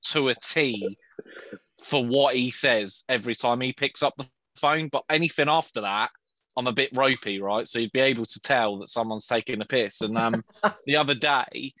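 A man's voice: medium pitch, moderate pace, pushed and bright, no room sound, low-quality recording. A man, a podcast guest, telling a story in casual chat and swearing freely.

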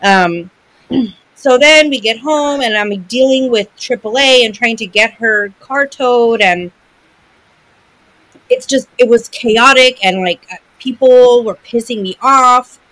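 Bright, dry-sounding woman chatting. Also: fairly high pitch, slow, no echo, rough recording. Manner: emotional storyteller, frequent fillers and restarts. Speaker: podcast co-host. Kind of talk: casual chat.

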